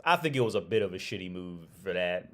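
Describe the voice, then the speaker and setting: A man's voice: low voice, animated, quick pace, a bit bright. A man hosting a casual livestream chat, rambling and profane, with lots of restarts and frequent laughter. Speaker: livestream host.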